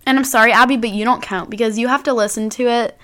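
Teen girl co-host, fairly high voice, giggly casual banter. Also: fairly even intonation, quick pace, a bit bright. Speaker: podcast co-host. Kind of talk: casual chat.

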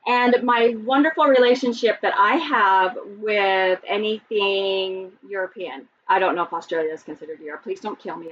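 A woman hosting a podcast in casual chat, giggly and rambling as she talks quickly. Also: medium pitch. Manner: giggly, rambling, fast-talking. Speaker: podcast host. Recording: distant mic, dull sound, faint noise.

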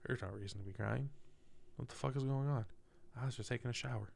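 A young man casually telling a personal story in a candid, profane, animated way. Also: medium pitch, fast, creaky, pauses often.

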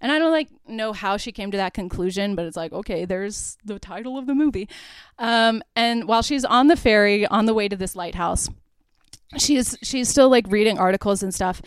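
A young woman hosts a podcast, walking through a film's plot in a loose, chatty way. Her voice is smooth and clear, and she keeps dropping "like" as she goes. The sound is dry and close, with no room echo. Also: medium pitch, moderate pace. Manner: chatty, heavy use of "like", laughs while retelling. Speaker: podcast host. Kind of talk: casual movie recap.

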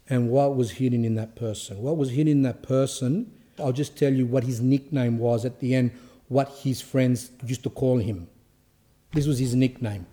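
A male priest giving an informal, lively sermon, telling stories with acted quotes. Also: mid-range voice. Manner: animated storytelling with acted quotes.

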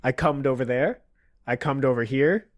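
A man's voice: medium pitch, moderate pace, no echo, clean studio sound. A man co-hosting a casual comedy podcast, riffing and joking with his friend. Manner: jokey, riffing with bits and impressions. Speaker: podcast co-host.

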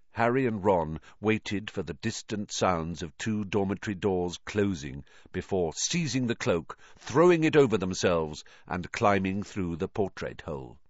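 A man narrating a storybook with an expressive, varied delivery. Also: low-pitched, no echo, highs cut off. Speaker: audiobook narrator.

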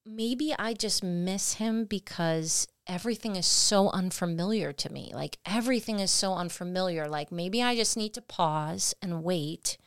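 A woman co-hosting a podcast, telling a personal story in a lively way and acting out her own past words. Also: on the low side, unhurried, hardly any pauses, clean tone, dry recording, studio quality. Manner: animated, acts out her own past lines. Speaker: podcast co-host. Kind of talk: storytelling conversation.

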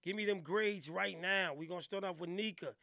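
A man's voice: sits high, a little fast, vocal fry, sharp tone, no room sound, clean studio sound. A man hosting a podcast, playful and teasing in slangy casual chat. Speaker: podcast host.

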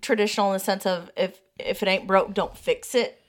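A woman's voice: mid-range voice, a little fast. A woman co-hosting a podcast, chatting casually and rambling in loose asides about herself. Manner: relaxed, talks in loose run-on asides. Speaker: podcast co-host. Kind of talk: casual chat.

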